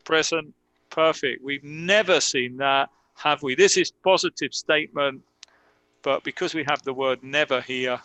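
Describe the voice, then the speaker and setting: A man teaching an online English grammar lesson, reading example sentences deliberately and correcting himself aloud as he goes. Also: medium pitch, bright, forceful tone, no echo, rough recording.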